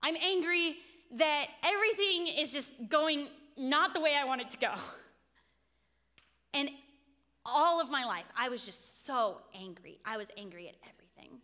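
Young woman, sermon, earnest testimony, bright voice, high-ish pitch, long hall reverb. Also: expressive, moderate pace. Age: 20s. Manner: earnest, confessional storytelling. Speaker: speaker at a faith talk.

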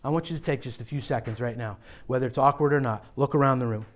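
A young man preaching a sermon as pastor, earnest and direct, often dropping to a quiet hush to drive a point home. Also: fast. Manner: earnest, drops to a low hush for emphasis.

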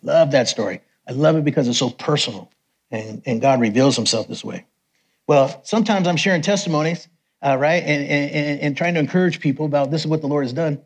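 A middle-aged man preaching, telling personal testimony stories with lively quoted voices. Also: a little fast, breathy edge. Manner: animated storyteller, raises pitch for quoted voices. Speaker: missionary preacher. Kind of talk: sermon testimony storytelling.

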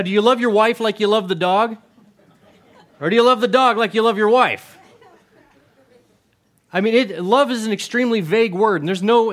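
A middle-aged male pastor giving a conversational sermon, often asking the congregation questions and repeating words. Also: high voice.

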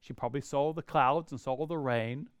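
A middle-aged man preaching a sermon, telling stories in an animated way with humorous asides. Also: medium pitch, moderate pace, smooth, no room sound, clean studio sound. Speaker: pastor.

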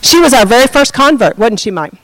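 A woman pastor telling a story in a sermon, expressive and conversational, addressing her congregation. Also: a little high, fairly quick, no room sound.

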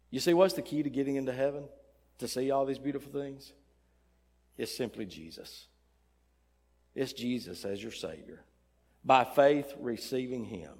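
An older man preaching a sermon, emphatic and swinging between loud fervor and soft tenderness, in a church. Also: medium pitch. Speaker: pastor. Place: church sanctuary. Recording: long church reverb.

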